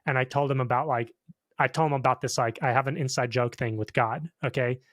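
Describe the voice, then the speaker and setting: A man's voice: medium pitch, a little fast, no room sound. Brief: easygoing male co-host, conversational, close and dry mic sound. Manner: relaxed, checks in with the listener, says "dude" and "okay?". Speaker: podcast co-host. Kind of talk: casual chat.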